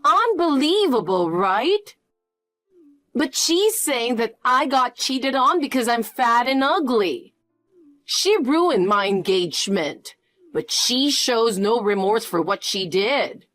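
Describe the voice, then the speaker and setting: A woman's voice: a little high, expressive, takes it slowly, fairly bright tone, no echo, faint music behind. A woman voicing a greedy, pushy middle-aged birth mother who demands money, in a scripted story reading. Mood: wheedling. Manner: demanding, wheedling.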